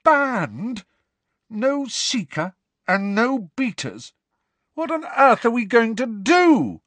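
A man's voice: big pitch swings, takes it slowly, no room sound, heavily acted. Man doing a dismayed teenage girl captain. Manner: high, loud, dismayed.

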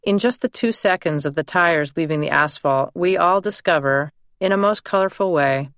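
A woman narrating her own memoir in a measured, deliberate first-person reading. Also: on the low side, smooth, no room sound, studio quality.

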